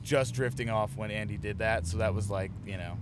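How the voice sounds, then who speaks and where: A man's voice: lowish voice, steady tone, a little fast, a crowd in the background. A man from a touring band's crew telling a rambling, profane road story in a casual chat inside a moving van. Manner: rambling, profane, self-mocking. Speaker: touring band crew member.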